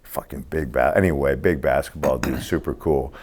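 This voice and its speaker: A man's voice: very deep voice, normal speed, a little mellow. A man in his sixties telling stories in a casual interview, streetwise and profane, acting out other people's lines. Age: 60s. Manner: acts out other people's lines in quoted voices. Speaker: interview guest.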